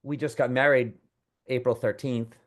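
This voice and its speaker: A man co-hosting, telling a long personal story in a rambling, animated way with many restarts. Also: medium pitch, normal speed. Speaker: co-host. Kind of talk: casual storytelling.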